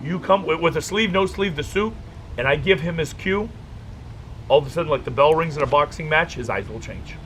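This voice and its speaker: A man leading a dog-training workshop, telling jokey stories in a casual, animated way. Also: on the high side, brisk, a little hiss or hum, low-quality recording. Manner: animated, joking storyteller. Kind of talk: casual workshop talk with anecdotes.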